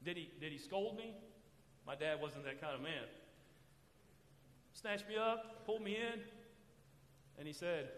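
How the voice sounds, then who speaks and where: Male preacher, sermon, call-and-response, higher voice, long hall reverb. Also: lively intonation, a little slow, pauses often, a bit bright, a little hiss or hum. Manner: call-and-response preaching, has the congregation finish his sentences. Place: church sanctuary.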